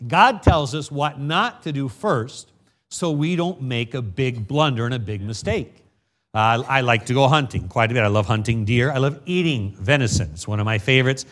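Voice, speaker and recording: A middle-aged man from the United States preaching a sermon. He reads scripture in a slow, measured way, then drifts into folksy personal stories as a pastor. His voice sits at a moderate pitch for a man. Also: a bit bright.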